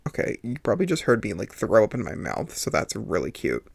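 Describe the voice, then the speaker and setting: A man's voice: lowish voice, wildly swooping pitch, brisk, creaky, husky. A man hosting a podcast, telling a personal story in an earnest, confessional way, often repeating himself for emphasis. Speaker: podcast host.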